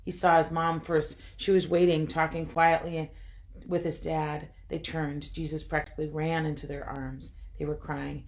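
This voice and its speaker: A woman's voice: sits low, little pitch movement, moderate pace. A woman reading a devotional retelling at home, reflective and with wry asides.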